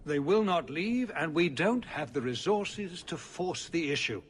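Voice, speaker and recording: An actor playing a weary, cautious older city ruler who speaks in a measured, formal way, in video game dialogue. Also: male voice, fairly high pitch, animated, slight background noise. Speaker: city ruler addressing the hero.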